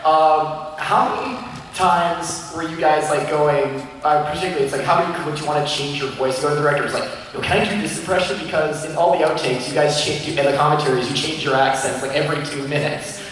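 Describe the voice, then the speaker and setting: A man's voice: a little high, fairly even intonation, a little fast, a bit bright, a little hiss or hum. A man in the audience asking a question at a panel, rambling and hesitant with many fillers. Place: large convention hall. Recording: echoey hall, distant mic.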